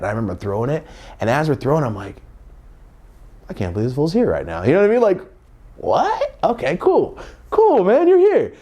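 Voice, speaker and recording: A young man telling a comedic story about his childhood to camera, with loud bursts and muttered asides. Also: medium pitch. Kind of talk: casual story time to camera.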